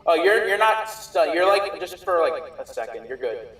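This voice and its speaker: A man running a tabletop game as game master, narrating in a halting way with fillers and restarts. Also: fairly high pitch, very animated, a bit bright. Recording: echoey room, distant mic, faint music.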